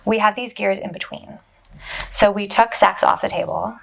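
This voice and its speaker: Gravelly-voiced woman sex therapist explaining. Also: mid-range voice, moderate pace. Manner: emphatic, explanatory, often says "a thousand percent". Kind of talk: casual podcast interview.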